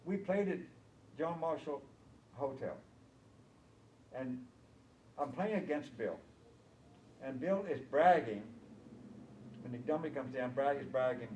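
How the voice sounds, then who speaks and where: A man's voice: medium pitch, unhurried, long pauses. Older man telling chuckling stories. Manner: chuckling, animated anecdotes. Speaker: bridge organizer. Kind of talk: casual storytelling chat. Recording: echoey room heard from far off with noise.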